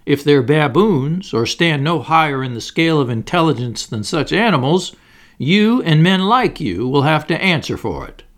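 A man's voice: fairly high pitch, very animated, moderate pace, voice pushed up. A man reading the part of an earnest carpenter who argues grave moral points. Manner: grave, preaching.

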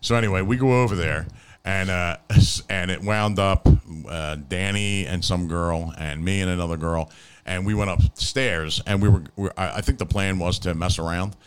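A man's voice: sits low, normal speed, a little hiss or hum. A man hosting a podcast, telling a rambling story with fillers and frequent laughs. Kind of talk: casual chat.

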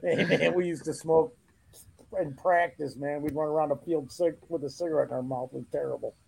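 A man's voice: a little high, fairly even intonation, a little fast, vocal fry, a little mellow, husky, rough recording. A man guesting on a sports podcast, joking around with crude banter. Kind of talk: casual sports podcast chat.

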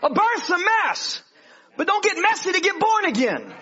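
A man preaching a sermon in an animated way, swinging from hushed to loud. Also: very high voice, moderate pace, a faint crowd. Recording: dull lo-fi sermon recording.

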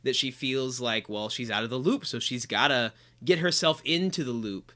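A man's voice: medium pitch, pushed and bright. A young man from Chicago co-hosting a podcast, chatting and laughing easily while he recaps a TV episode. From Chicago area. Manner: quick to laugh, chatty, hands out agreement. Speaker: podcast co-host. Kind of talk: casual chat recapping a TV episode.

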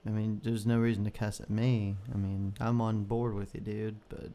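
A man's voice: fairly low pitch, little pitch movement, normal speed, mellow. A man co-hosting a podcast in casual chat, loose, sarcastic and profane. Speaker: podcast co-host.

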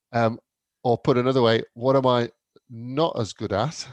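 A man's voice: medium pitch, flat delivery, slow, no room sound. A middle-aged man co-hosting a casual talk, wry and jokey, laughing often. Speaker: co-host. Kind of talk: casual chat.

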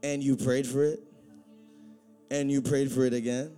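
A man preaching a sermon, swinging from loud, excited preaching to quiet, intense talk. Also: medium pitch, normal speed, soft background music.

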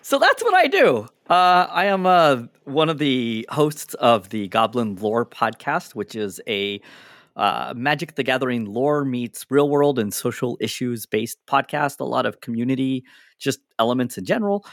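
A man's voice: medium pitch, moderate pace, fairly bright tone, no room sound, clean studio sound. A man guesting on a casual podcast interview, chatty and laughing, often restarting his sentences. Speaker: psychologist. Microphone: lapel mic.

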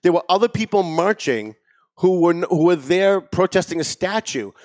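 A man's voice: sits high, animated, moderate pace, darkish tone. A man hosting a political talk show, speaking in a sarcastic, mocking tone. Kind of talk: political commentary chat.

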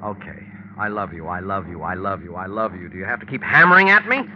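A man's voice: mid-range voice, very animated, fast, lo-fi sound, close to an everyday voice. An actor playing a cold, scheming man who plans a murder, in 1940s radio acting style, curt and then menacing, on a scratchy old broadcast recording. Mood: irritable.

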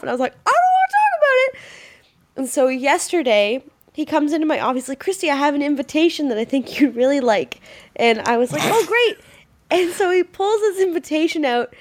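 A young woman co-hosting a podcast, telling a story in an animated way, laughing and acting out the people in it. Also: high-pitched. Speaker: podcast co-host. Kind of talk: casual chat.

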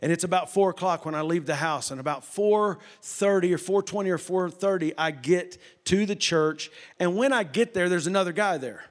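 A middle-aged man, preaching a sermon and telling a story, swinging from loud bursts to hushed retelling. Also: high voice, normal speed, hardly any pauses. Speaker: pastor.

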